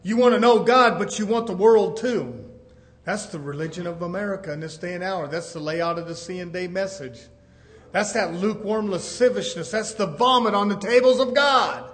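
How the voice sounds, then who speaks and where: A man preaching a fervent sermon, swinging between hushed lines and shouted ones. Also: sits high, moderate pace.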